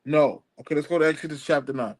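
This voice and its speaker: A man's voice: fairly high pitch, fast talker, a little mellow. A man calling into a Bible debate stream, persistently questioning and reading scripture aloud. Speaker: caller.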